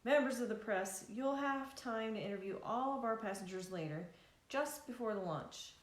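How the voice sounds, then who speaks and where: A woman voicing a brisk, reassuring male tour organizer in her own plain voice. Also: on the high side, reverberant, natural voice.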